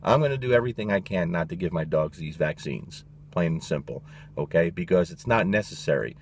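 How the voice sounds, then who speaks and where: Male dog trainer, lowish voice, blunt and emphatic, swears, casual opinion monologue. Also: lively intonation, fairly quick, vocal fry, a little hiss or hum.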